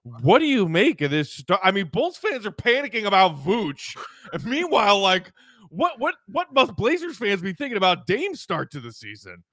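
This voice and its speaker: A man's voice: high voice, huge pitch swings, normal speed, sharp tone, dry recording. A man hosting a casual sports podcast who reads off stats and asks his co-host questions.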